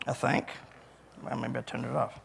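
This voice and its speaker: A man's voice: mid-range voice, flat delivery, normal speed, creaky, fairly bright tone, a little hiss or hum. A man with a Cajun accent giving an interactive keynote speech in a folksy, chatty way, repeating the audience's answers back to them. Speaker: keynote speaker. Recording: hall reverb.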